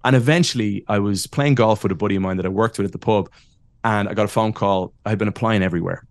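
A man in his thirties with an Irish accent, a podcast guest telling lively, self-deprecating stories and laughing often. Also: on the low side, quick pace, dry recording. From Ireland. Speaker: podcast guest, wrestling announcer. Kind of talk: casual interview storytelling.

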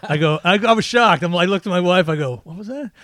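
A man's voice: high voice, expressive, fast, fairly bright tone, dry recording. A man telling funny family stories on a podcast, acting out his kids' lines as he goes. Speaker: guest comedian.

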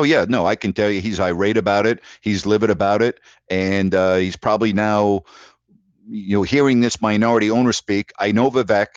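A low-pitched man hosts a casual call-in chat, blunt and emphatic, often saying a point twice. His voice is dry and close. The audio is dull and lo-fi, like an online audio stream. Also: no echo. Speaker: show host.

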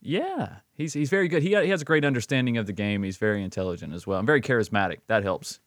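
A man's voice: fairly low pitch, lively intonation, quick pace, no room sound. Easygoing male podcast co-host, dry mic. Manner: easygoing, swears casually, says bro and dude. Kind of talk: casual chat.

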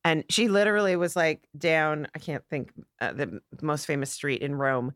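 A middle-aged woman, a comedian on a podcast, telling stories in an animated way and acting out the voices in them. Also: low voice, normal speed, no room sound, studio quality. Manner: animated storyteller, acts out voices. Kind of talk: casual storytelling chat.

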